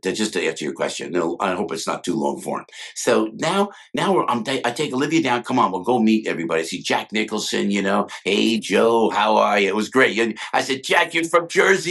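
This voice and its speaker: An older man, a guest, telling stories in an animated way and acting out quotes, with many quick restarts. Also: fairly low pitch, vocal fry. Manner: talks fast with many restarts and acted-out quotes. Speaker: guest, former sketch comedy cast member. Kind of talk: animated storytelling with impressions.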